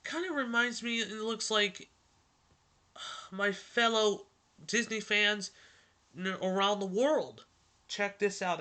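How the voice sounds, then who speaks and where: An excitable male host who rambles in a casual vlog, breaking off and restarting his sentences. His voice sits high and sounds very bright. The tone is smooth and clear. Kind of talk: casual vlog and storybook reading.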